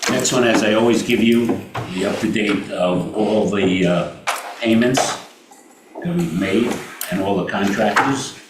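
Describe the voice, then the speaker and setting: A man with a Brooklyn accent running a committee meeting, reading out payments and figures with many halting fillers. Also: fairly low pitch. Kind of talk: meeting business. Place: meeting room. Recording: echoey room from far off with noise.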